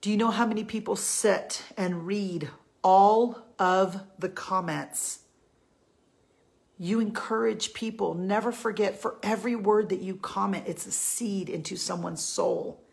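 Speaking at medium pitch with noticeable vocal fry, a woman who encourages Christian women gives her followers a heartfelt talk on faith. She pleads earnestly and repeats the key points for emphasis.

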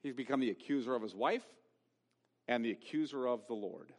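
A man's voice: medium pitch, a little fast, darkish tone, in a large hall. A man preaching a sermon as pastor, emphatic and given to rhetorical questions. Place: church sanctuary.

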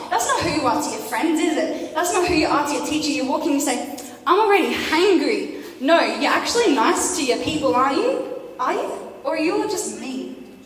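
A woman's voice: high-pitched, a little hiss or hum. A woman giving a casual, playful youth sermon, chatting and teasing her listeners with questions. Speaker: youth preacher. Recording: echoey hall from far off.

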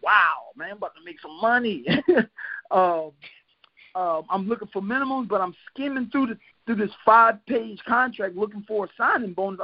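A high-voiced man from Philadelphia, USA, a retired boxer appearing as a podcast guest, tells stories in a casual interview. He's an animated storyteller who laughs often and acts out quotes, captured in dry, dull lo-fi podcast audio.

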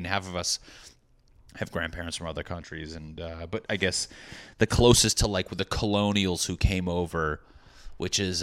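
A man's voice: deep voice, fairly bright tone. A young adult man, a stand-up comedian, rambling through a profane, jokey casual monologue to his viewers.

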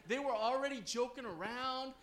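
Male pastor, high bright voice, lively storytelling sermon, roomy church hall sound. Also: moderate pace. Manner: animated, checks in with the audience.

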